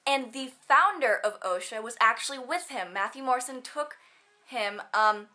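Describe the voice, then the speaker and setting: Teen girl vlogger, bright and forceful tone, a touch high, giggly chatter. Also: normal speed. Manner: bubbly, giggly, lots of fillers and quoted asides. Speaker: student vlogger. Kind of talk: casual chatty vlog.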